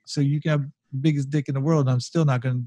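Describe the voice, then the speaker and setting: A man's voice: mid-range voice, steady tone, very fast, warm tone, dry recording. A man in casual podcast chat who speaks bluntly and firmly about his views. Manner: blunt, opinionated, laughs along.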